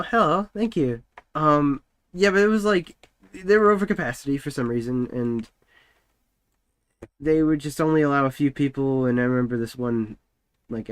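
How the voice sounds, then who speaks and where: A man's voice: medium pitch, dry recording. Rambling male streamer, dry close sound. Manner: rambling, lots of "like" fillers. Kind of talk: casual chat while working on stream.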